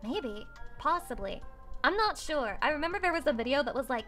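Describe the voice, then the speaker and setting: A woman's voice: sits high, expressive, brisk, sharp tone. A young woman livestreaming, chatting casually with her viewers in a crude, playful, rambling way. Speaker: streamer. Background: faint music.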